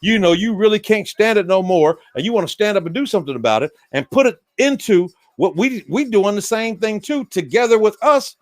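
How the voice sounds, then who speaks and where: A man's voice: high-pitched, expressive, fairly quick, few pauses. A man from the United States hosting a loose, rambling, folksy livestream monologue while drinking beer. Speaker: livestream host.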